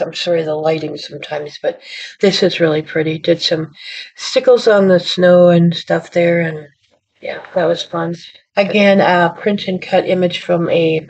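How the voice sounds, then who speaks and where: A woman's voice: fairly low pitch, darkish tone, slightly rough. A woman hosting her own card-making channel, chatting casually as she shows her work, rambling and apologizing and playing down her own skill. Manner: rambling, self-deprecating, apologetic. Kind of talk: casual show-and-tell chat. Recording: dull lo-fi audio.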